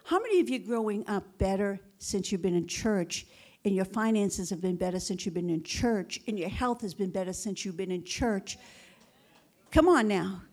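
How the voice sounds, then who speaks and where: A woman's voice: mid-range voice, lively intonation, normal speed, darkish tone. A woman pastor preaching a sermon, fervent and repetitive, with rhetorical questions and calls of "Amen?" to the congregation. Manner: repeats phrases for emphasis.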